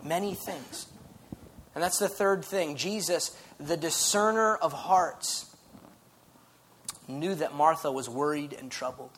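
A man's voice: fairly high pitch, measured pace. Pastor guy giving a chatty sermon, keeps restarting his sentences, faint noise behind him. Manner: animated, conversational preaching with frequent restarts.

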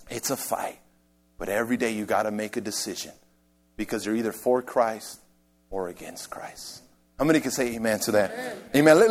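Male pastor preaching, fairly high voice, very lively pitch, repeats words for emphasis. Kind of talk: sermon.

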